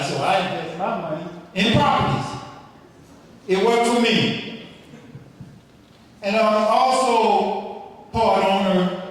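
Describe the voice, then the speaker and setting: A man in his sixties, a business owner, speaking casually to an event crowd in a slow, folksy, joking way. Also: a little high. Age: 60s. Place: large event hall. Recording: echoey hall, mic from far off.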